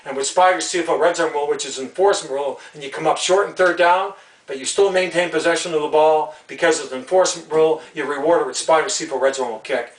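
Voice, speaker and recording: A man's voice: fairly high pitch, quick pace, echoey room, recorded from a distance, poor audio. A man from Canada ranting angrily in a video, repeating himself and stumbling over restarts. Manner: angry, repetitive, stammering restarts. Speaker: video ranter about football rules. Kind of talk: heated solo rant video.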